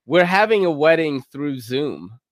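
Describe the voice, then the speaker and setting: A man's voice: fairly high pitch, sing-song, unhurried, no echo, clean studio sound. A man in his thirties hosting a live podcast in casual chat, laid-back, swearing and laughing often. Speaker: podcast host.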